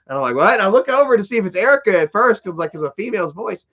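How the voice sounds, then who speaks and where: A high-voiced man talks casually to his live stream chat, rambling through a story with plenty of swearing, fillers and restarts. The sound is slightly dull and lo-fi. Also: animated, a little fast, fairly bright tone.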